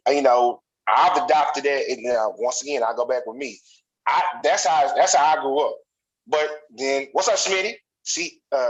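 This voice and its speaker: Blunt, animated man talking straight. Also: fairly high pitch, low-quality recording. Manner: blunt, animated storytelling with slang. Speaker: podcast co-host. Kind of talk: casual chat.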